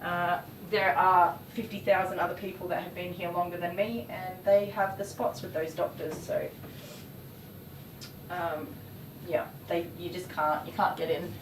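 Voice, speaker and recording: A woman's voice: fairly low pitch, fairly even intonation, a little slow. A woman chatting casually and rambling while she works as a dog groomer on a livestream. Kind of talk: casual chat while working. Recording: roomy, distant mic, faint noise.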